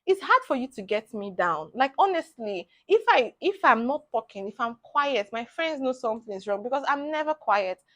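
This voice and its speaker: A young Nigerian woman in her twenties, a medical student giving bubbly, animated advice in a casual vlog, laughing often. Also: a little high, normal speed, hardly any pauses.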